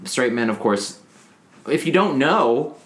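A young man co-hosting a podcast, telling stories in a casual, animated and blunt way. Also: mid-range voice, slow. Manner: animated storyteller, blunt and candid. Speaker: podcast co-host. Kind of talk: casual chat.

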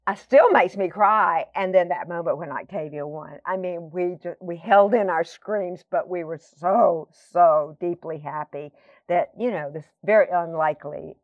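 Woman, low pitch, rambling storyteller, many fillers, dry muffled audio. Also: a little slow, no echo. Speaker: guest. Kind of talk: conversational storytelling.

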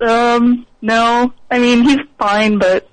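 A woman guest on a radio show, answering in a hesitant, shy way with many pauses. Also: a little high, level tone, a little hiss or hum, low-quality recording. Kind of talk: casual radio chat.

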